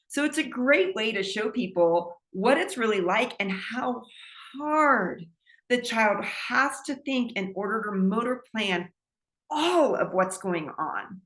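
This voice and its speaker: A woman's voice: mid-range voice, fairly bright tone. A woman, a speech pathologist, giving a recorded presentation in an explanatory teaching manner with light laughs. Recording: echoey room.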